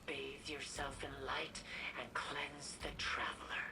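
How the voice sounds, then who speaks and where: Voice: medium pitch, steady tone, slow pace, creaky, far from the mic, very noisy. A performer voicing an ominous figure in a game, whispering the lines.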